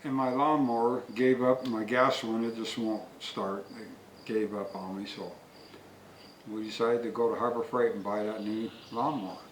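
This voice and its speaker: A man's voice: on the low side, little pitch movement, moderate pace, slight background noise. Folksy man telling a long story. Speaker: product reviewer. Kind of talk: rambling storytelling. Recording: echoey, distant from the mic. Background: faint crickets and insects.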